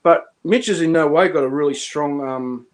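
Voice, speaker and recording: A man talking casually as a stream guest, voice sitting a little high. He rambles, restarts his sentences and chuckles as he goes. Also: normal speed. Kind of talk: casual chat.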